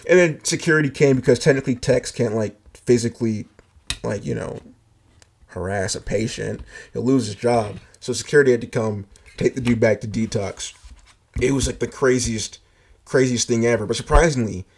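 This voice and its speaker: A man's voice: mid-range voice, moderate pace, darkish tone, slightly rough. A man telling a personal story in a casual, rambling way, full of filler words and swearing.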